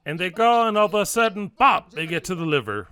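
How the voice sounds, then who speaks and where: A man's voice: sits high, a little fast, clean tone. A man preaching a sermon, emphatic and repetitive, acting out little stories as he goes. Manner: emphatic, repetitive, lively storytelling.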